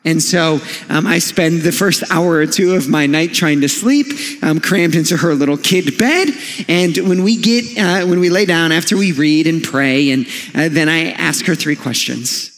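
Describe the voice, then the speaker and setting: A man in his thirties delivers a sermon, talking to the congregation in a relaxed, storytelling way with touches of humor. His voice sits somewhat high for a man, and it rings out with the long reverb of a church hall. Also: normal speed. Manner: conversational, storytelling with light humor. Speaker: pastor. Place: church sanctuary.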